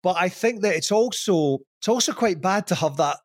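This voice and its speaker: A man's voice: sits high, expressive, moderate pace, dry recording, studio quality. A middle-aged man with a Scottish accent, speaking as a podcast guest in a candid, rambling, self-deprecating way with many restarts. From Scotland. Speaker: podcast guest, former TV presenter. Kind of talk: casual podcast interview.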